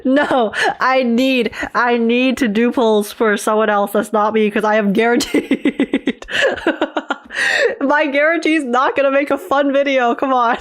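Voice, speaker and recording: A woman's voice: on the high side, fairly even intonation, measured pace, hardly any pauses. A woman streaming live, chatting casually with her viewers, laughing often and restarting her phrases as she goes.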